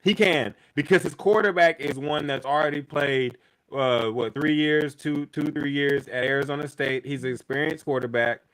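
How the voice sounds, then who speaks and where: A man makes his case on a sports podcast, pressing each point and circling back to it again and again. His voice sits a little high and rings bright and forceful, and he swears freely as he argues. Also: fairly even intonation, normal speed, low-quality recording. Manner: emphatic, repeats points for effect, swears freely. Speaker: podcast co-host. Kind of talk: casual sports debate.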